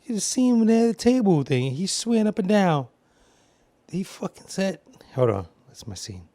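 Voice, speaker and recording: A man's voice: high-pitched, very animated, normal speed, mellow, dry recording. A man giving casual film commentary, telling rambling, profane stories.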